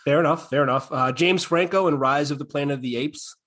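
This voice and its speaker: A man hosting a podcast in casual chat, animated as he retells scenes and reads quotes aloud. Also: fairly high pitch, fairly quick. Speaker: podcast host.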